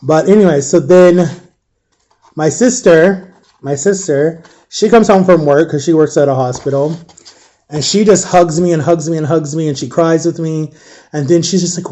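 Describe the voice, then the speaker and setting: A young man telling his own painful story, halting and repeating himself, close to tears at times. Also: on the high side, warm tone. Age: young adult. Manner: halting, repeats himself, acts out quoted voices. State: emotional, near tears. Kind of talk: personal storytelling.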